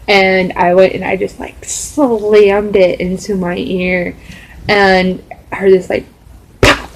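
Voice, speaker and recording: A woman's voice: medium pitch, darkish tone, a little hiss or hum, poor audio. A young adult woman telling a story in a casual, rambling vlog style, full of fillers. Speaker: vlogger.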